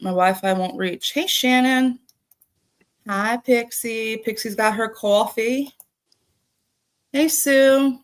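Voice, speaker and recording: A woman's voice: a little high, slow, pauses often. A woman hosting a livestream, greeting viewers by name in a casual, laughing, swearing chat. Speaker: livestream host.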